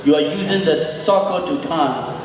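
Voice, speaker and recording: A man's voice: fairly high pitch, moderate pace, music in the background. A man teaching a horseback riding clinic in an arena, repeating key points and acting out riders' calls, with non-native phrasing. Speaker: riding instructor. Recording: echoey arena, voice from far off.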